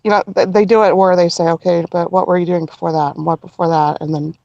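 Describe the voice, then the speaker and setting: A middle-aged woman telling a personal story as a podcast guest, earnest and halting, with frequent restarts. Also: lowish voice, steady tone, vocal fry, a little mellow, dry recording, muffled recording.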